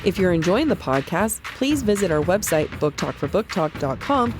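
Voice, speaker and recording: A young American woman co-hosting a book podcast, chatty and animated, often laughing. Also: on the low side. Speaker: podcast co-host. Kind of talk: casual book podcast chat.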